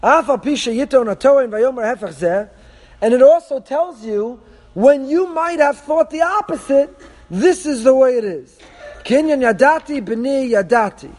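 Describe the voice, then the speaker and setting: High-voiced man teaching in a hall. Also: expressive, a little slow, a little mellow. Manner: emphatic, poses rhetorical questions; reads source texts aloud then translates them. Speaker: Torah teacher. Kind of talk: text-study lecture. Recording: long hall reverb.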